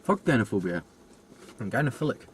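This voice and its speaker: A man's voice: mid-range voice, big pitch swings, fairly quick, slight background noise. A man chatting casually as a film critic, crude and joking, slipping into silly voices. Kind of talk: casual film review chat.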